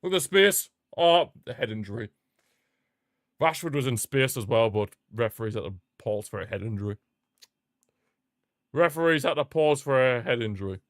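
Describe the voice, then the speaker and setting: A man hosting a live football watchalong, chatting excitedly, reacting to the match and answering viewer comments. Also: medium pitch, moderate pace, long pauses, no echo, clean studio sound. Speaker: watchalong host.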